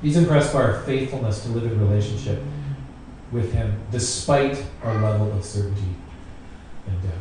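A man's voice: fairly low pitch, normal speed. A man preaching a sermon in a conversational way, repeating phrases for emphasis. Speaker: pastor. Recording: very echoey room, distant mic, faint noise.

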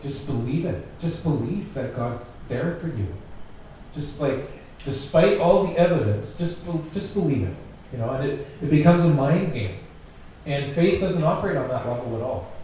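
A pastor with a mid-range, slightly mellow voice preaches in a conversational style, leaning on repeated phrases for emphasis. The mic sits far away in a very echoey room, and faint noise is audible.

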